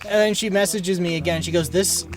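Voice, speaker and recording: Loud music dominates this stream, with the man's voice off-mic and recorded from a distance. Speaking a little fast in a high, steady tone, he rambles through an exasperated story in casual chat, swearing occasionally.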